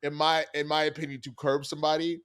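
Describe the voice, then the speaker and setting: A man's voice: a little high, fast. A man casually recapping a TV episode, acting out the characters' lines as he tells it. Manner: animated retelling with quoted character lines and laughs. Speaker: TV critic.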